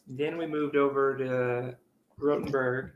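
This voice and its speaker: A man from Texas, a guest in a casual interview chat over a video call, talking in a hesitant, halting way. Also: medium pitch, flat delivery, reverberant, highs cut off, slight background noise. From Texas, USA.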